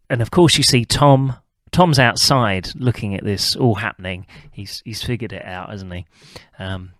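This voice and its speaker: A man's voice: fairly low pitch, fairly bright tone, dry recording, clean studio sound. A man hosting a podcast, casually chatting about a TV episode and tacking on tag questions. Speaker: podcast host.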